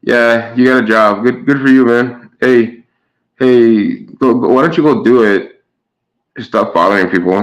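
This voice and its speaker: A man's voice: on the low side, low-quality recording. Stammering sarcastic male streamer. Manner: stammering restarts, sarcastic jabs at chatters. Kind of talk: casual chat to a live stream chat.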